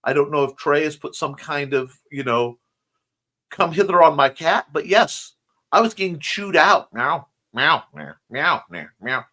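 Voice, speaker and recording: A man's voice: fairly high pitch, normal speed. A man with a slightly scratchy voice and a speech impediment, hosting a casual morning stream, chatting playfully and reading out viewer comments. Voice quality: self-described speech impediment. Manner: rambling, playful, warm toward viewers. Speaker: host.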